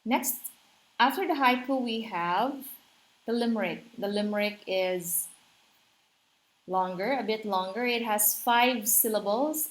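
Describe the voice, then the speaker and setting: A woman gives a literature lesson at an unhurried, deliberate pace. Her voice sits in an ordinary middle pitch. She explains patiently, checks in with her listeners, and taps out rhythms aloud. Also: low-quality recording. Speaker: literature teacher. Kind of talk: explanatory recorded lecture.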